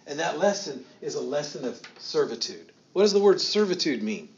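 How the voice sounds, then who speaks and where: A man preaching a sermon, telling the story in an animated way with slow, emphatic phrases and quiet asides. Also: on the high side, dull audio. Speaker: pastor.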